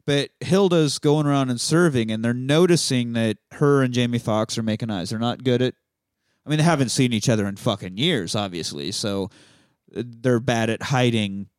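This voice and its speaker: A man hosting a movie podcast, retelling a film's scenes in casual chat, swearing freely and quick to laugh. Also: mid-range voice, clean tone, dry recording, studio quality. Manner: profane, chatty and quick to laugh, acts out quotes.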